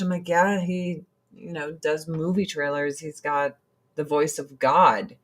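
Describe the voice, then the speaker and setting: A woman's voice: low voice, steady tone, unhurried. A middle-aged woman chatting casually to camera as a vlogger, laughing often.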